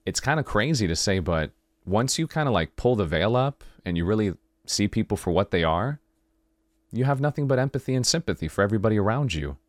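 Low-voiced man musing late at night. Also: fairly quick, dry recording, clean studio sound. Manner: animated storyteller, acting out dialogue. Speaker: podcast host. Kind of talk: late-night reflective monologue.

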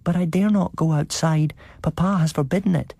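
A little boy speaks timidly in a high voice in this spoken storybook, voiced by a man. The delivery is dry and close, with a husky grain. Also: normal speed, warm tone, no echo. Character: small boy, timid and obedient.

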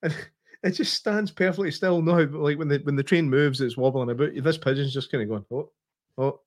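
A man's voice: a little high, brisk, no echo, studio quality. A man co-hosting a casual chat, bantering, laughing and swearing. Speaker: podcast co-host.

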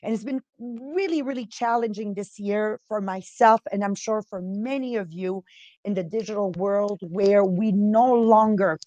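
With a mid-range, darkish voice and a measured pace, a fiftysomething podcast host and entrepreneur from Montreal, Quebec, speaks English tinged with Italian and French. She keeps her motivational show chatty and emphatic, questioning listeners; the audio has no room sound and its highs are cut off.

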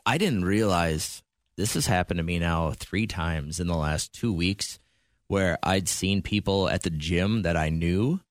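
A man co-hosting a radio show, chatting casually and telling funny stories in a joking, lively way. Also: sits low, measured pace, no echo, studio quality. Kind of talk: casual morning radio banter.

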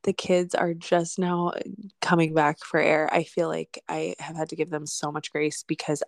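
A woman's voice: sits low, level tone, moderate pace, gravelly, no room sound, studio quality. A woman in her thirties co-hosting a podcast, chatting in a rambling, reflective way with plenty of fillers. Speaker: podcast co-host. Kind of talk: casual chat.

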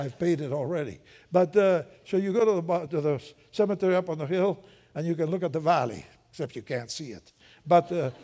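Older male preacher with a slightly high, mellow voice, chatty and joking from the pulpit. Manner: lively, conversational, joking asides. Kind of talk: sermon.

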